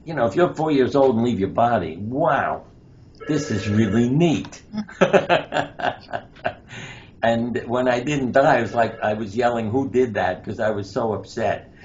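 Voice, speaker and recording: A man who is both surgeon and author recounts anecdotes in an interview, dramatizing the quoted dialogue. He has a medium-pitched, darkish voice at normal speed, and the recording sounds dull and lo-fi with slight noise.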